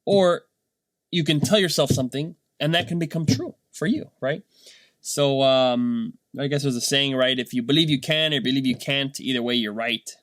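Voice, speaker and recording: A man, a dad, telling a casual motivational story in a rambling, animated way, tagging his points with "right?". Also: medium pitch, normal speed, dry recording. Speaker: vlogger and dad.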